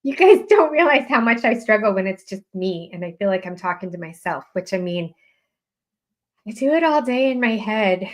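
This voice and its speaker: A woman's voice: mid-range voice, sing-song, normal speed. Chatty woman hosting a live stream. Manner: chatty and self-deprecating, reading out viewers' updates. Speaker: host of a live writing sprint stream. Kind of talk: casual live-stream chat.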